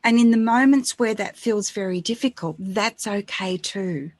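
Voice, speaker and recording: A woman co-hosting a spiritual radio show, speaking softly and reassuringly. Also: mid-range voice, moderate pace, no room sound. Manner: soft-spoken and reassuring. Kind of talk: gentle spiritual encouragement.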